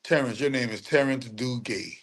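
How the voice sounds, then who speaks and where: A man's voice: medium pitch, fairly bright tone. A man hosting a livestream, with casual, slangy commentary that he drags out and laughs through. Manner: slangy, laughing, drawn-out mocking repetition. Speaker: livestream host.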